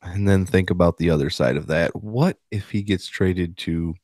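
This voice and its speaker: Low-voiced man chatting sports. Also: normal speed, no echo, studio quality. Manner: laughing, animated when reading quotes. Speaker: podcast co-host. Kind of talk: casual sports chat.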